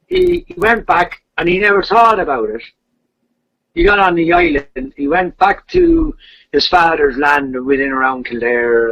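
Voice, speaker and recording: Man, casual storytelling, repeats words, husky voice, dull lo-fi recording. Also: on the high side. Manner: animated retelling of a legend, repeats words and restarts.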